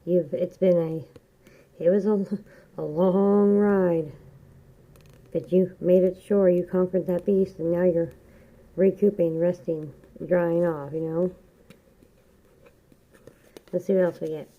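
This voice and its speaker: A woman giving a casual, rambling tarot reading, chatty and quick to laugh. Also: on the low side, steady tone, phone-quality sound. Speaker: tarot reader.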